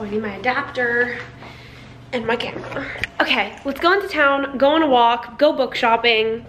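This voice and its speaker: Chatty young woman vlogging from a distance. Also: fairly high pitch. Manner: chatty, talks straight to camera, lots of "like". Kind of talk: casual vlog chat. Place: at home in an apartment. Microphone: camera mic. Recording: roomy, from a distance, faint noise.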